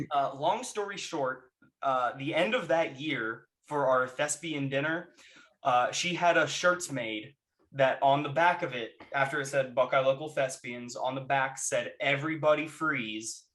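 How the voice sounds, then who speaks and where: A man chatting casually on a podcast, telling stories with lively energy and shouting out the lines he quotes. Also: medium pitch, a little slow. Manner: animated storyteller who shouts out quoted lines. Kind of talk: casual chat, reminiscing.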